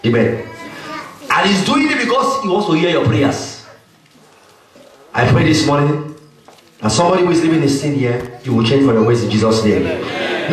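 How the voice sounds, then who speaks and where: Pastor, male, high voice, emphatic sermon, recorded far from the mic in a very echoey hall. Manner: emphatic preaching punctuated by frequent "Amen".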